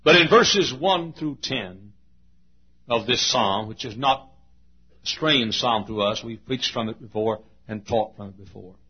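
A man preaching a sermon, moving from slow, low teaching into high, fervent preaching. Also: animated, husky, muffled recording.

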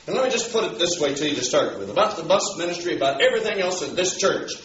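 A man's voice: high voice, very animated, fast, a bit bright, roomy sound, distant mic, highs cut off, slight background noise. A man preaching a sermon, telling a story in a folksy way and building emphasis on key words. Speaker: pastor.

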